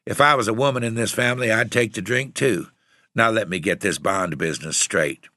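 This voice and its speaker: A man voicing a gruff, blunt middle-aged father who cusses and takes charge. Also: fairly low pitch, fairly quick, bright, forceful tone, no echo, clean studio sound. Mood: wry.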